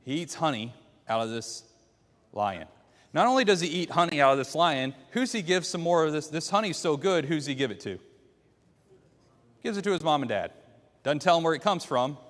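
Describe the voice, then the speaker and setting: A man's voice: on the high side, sing-song, normal speed, pauses often, fairly bright tone. A man teaching a church Bible class, retelling a story and putting questions to the class. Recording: long hall reverb.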